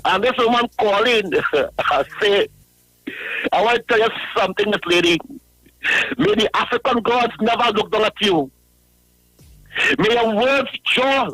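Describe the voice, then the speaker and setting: A man calling in to a radio show, ranting in a high voice, laughing through his words and mocking a critic again and again. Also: animated, unhurried, pauses often, a bit bright, no room sound, low-quality recording. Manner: repetitive, mocking, addresses a critic by name. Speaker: radio caller. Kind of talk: ranting call-in. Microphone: phone line.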